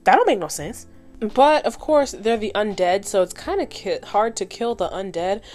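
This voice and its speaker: A twentysomething woman vlogger casually recaps a cartoon episode and reacts to it, animated, blunt, swearing freely and thinking out loud. Her pitch is medium, her pace moderate, and faint music plays behind her.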